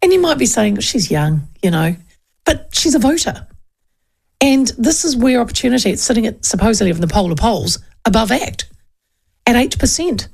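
Talk radio host, woman, 50s, New Zealand accent, gravelly, chatty and digressive. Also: fairly high pitch, big pitch swings, moderate pace, darkish tone. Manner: chatty, digressive, with frequent fillers and laughs. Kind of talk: casual political commentary.

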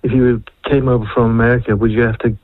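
A man from Wales calling in to a radio show, joking in a relaxed way. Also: mid-range voice, quick pace, no echo, phone-quality sound. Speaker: caller, host's husband. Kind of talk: casual radio chat.

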